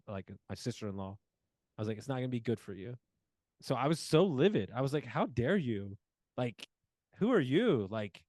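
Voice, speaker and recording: A man's voice: mid-range voice, dry recording. Storytelling man, dry close sound. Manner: animated storyteller acting out quoted dialogue, many fillers. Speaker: podcast guest. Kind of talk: casual storytelling interview.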